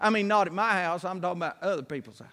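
High, bright-voiced preacher. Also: male voice, racing. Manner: folksy storytelling, acting out scenes, bursts of shouting. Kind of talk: sermon.

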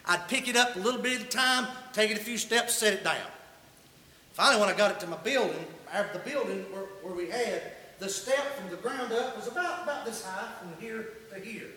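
Bright high-voiced folksy preacher man. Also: brisk. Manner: folksy, humorous, colloquial storyteller. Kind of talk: sermon with folksy personal storytelling. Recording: echoey hall reverb.

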